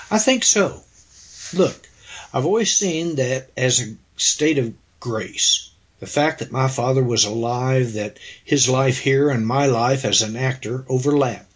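Husky-voiced guy being interviewed, earnest storytelling, acts out old conversations. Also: medium pitch, measured pace. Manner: earnest, anecdotal, quotes people in dialogue. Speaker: interview guest, actor. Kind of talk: reflective storytelling.

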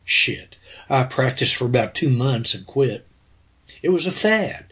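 Husky-voiced guy being interviewed, earnest storytelling, acts out old conversations. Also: medium pitch, animated, unhurried, fairly bright tone. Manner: earnest, anecdotal, quotes people in dialogue. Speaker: interview guest, actor. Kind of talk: reflective storytelling.

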